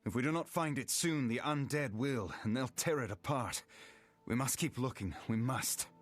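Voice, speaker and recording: An actor voicing a wounded, earnest young elf hunter in a video game, speaking in a formal, determined way. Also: male voice, medium pitch, moderate pace, no echo, lightly acted. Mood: weary resolve. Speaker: game character.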